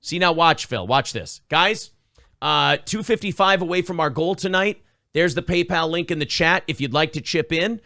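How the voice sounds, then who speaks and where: A man's voice: a little high, moderate pace, gravelly, no echo, clean studio sound. A male host on a live-streamed talk show, chatting sarcastically and profanely and reading donations. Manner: profane, sarcastic, loud outbursts.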